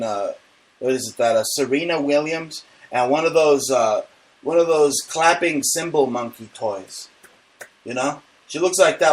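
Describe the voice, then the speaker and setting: A man hosting a comedy talk show, ranting loudly and indignantly with stammered restarts. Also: fairly high pitch, low-quality recording. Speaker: host.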